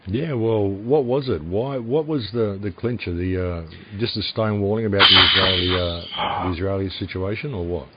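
A man hosting an interview, musing aloud and asking questions in a measured way. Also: sits low. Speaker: host. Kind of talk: remote interview conversation. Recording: dull lo-fi audio with faint noise.

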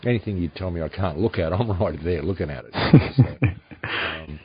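Deep-voiced male host, lo-fi audio. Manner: musing, asks questions in a measured way. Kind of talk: remote interview conversation. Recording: dull lo-fi audio with faint noise.

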